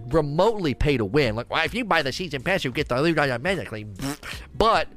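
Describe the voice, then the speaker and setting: Animated young male game streamer. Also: fairly high pitch. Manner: animated ranting, laughs often. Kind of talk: live stream commentary.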